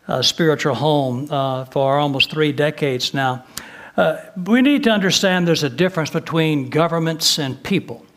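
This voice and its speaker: An older man preaching a sermon, his voice sitting a little high for a man. He talks in a relaxed, folksy way, dropping in light humor and plenty of "uh" as he goes. He speaks as a retired pastor addressing a congregation. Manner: folksy, with frequent "uh" fillers and gentle humor.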